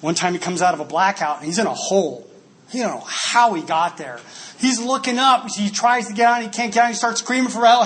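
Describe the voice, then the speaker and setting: A man from Dallas, Texas, giving an animated, laughing recovery talk at a convention. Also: high voice, a little fast. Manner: animated storytelling, laughs often. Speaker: AA speaker.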